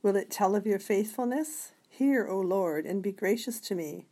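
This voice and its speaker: Mellow-voiced woman reading scripture. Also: medium pitch, animated. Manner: measured reading with occasional slips. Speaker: scripture reader.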